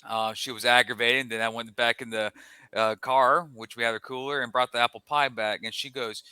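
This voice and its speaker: Bright, crisp-voiced male podcast co-host. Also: mid-range voice, steady tone, brisk, no echo. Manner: rambling storyteller with frequent restarts. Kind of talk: casual podcast chat.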